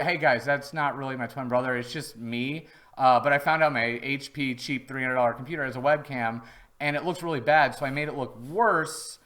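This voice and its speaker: A man's voice: mid-range voice, fairly quick, a bit bright. A man hosting a casual live-stream product review from home, chatty and rambling, with easy jokes. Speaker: host.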